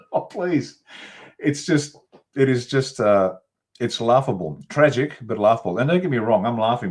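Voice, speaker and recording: Male guest, low register, blunt and emphatic, commentary pace over a video call. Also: darkish tone. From Australia. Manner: blunt, emphatic, long rolling lists. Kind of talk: political commentary interview.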